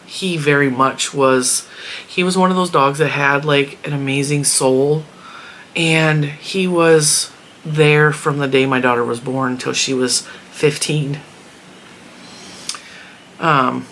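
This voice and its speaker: A woman's voice: deep voice, a bit bright, a little hiss or hum. A middle-aged woman chatting casually, telling rambling personal stories with frequent laughs. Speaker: crochet vlogger. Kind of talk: casual chat.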